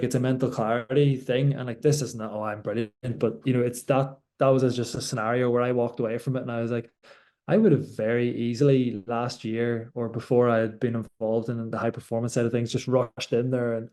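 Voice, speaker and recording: A man's voice: mid-range voice, little pitch movement, a little fast, mellow. A young man from Ireland, a doctor and rower, talking reflectively in an interview with many restarts. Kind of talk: conversational interview.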